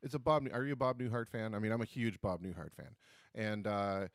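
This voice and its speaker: A man hosting a live stream, reading out comments and chatting in a halting, casual way. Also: fairly low pitch, dry recording, clean studio sound. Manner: chatty, halting, repeats words when starting. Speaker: host of a live stream show.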